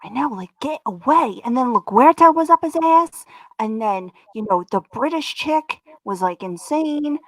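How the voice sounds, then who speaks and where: A woman co-hosting a live talk show, chatting in an animated, casual way and swearing and laughing easily. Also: on the high side, normal speed, no echo. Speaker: co-host. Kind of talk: casual chat.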